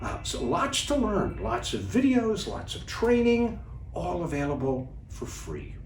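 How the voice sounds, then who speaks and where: A man coaching viewers as a communication trainer in an instructional video talk, deliberate and animated. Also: high voice, slight background noise. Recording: echoey room, distant mic.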